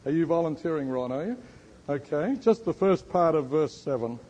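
A man's voice: fairly high pitch, expressive, moderate pace, mellow, dull audio. A man preaching a sermon and teaching, quizzing his listeners and stressing words emphatically. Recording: long hall reverb.

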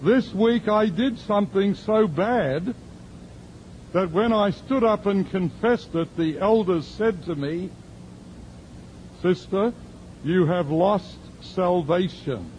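A man's voice: sits high, takes it slowly, a little mellow, dull audio, slight background noise, voice pushed up. A man voicing an anxious middle-aged woman from a church group, hesitant and troubled as she confesses.

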